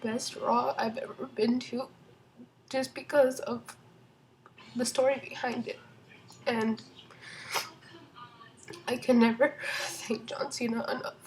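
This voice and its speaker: Excited young woman rambling through a storytime. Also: a little high, takes it slowly, long pauses, a little hiss or hum, rough recording. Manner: excited, rambling with many fillers. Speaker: vlogger. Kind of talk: casual storytime vlog.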